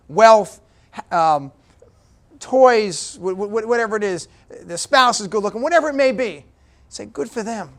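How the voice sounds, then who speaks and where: His voice is high and a little bright: a middle-aged man giving a motivational speech as the featured guest at a business breakfast. He speaks directly and punchily, often pausing to check in with listeners by asking "okay?"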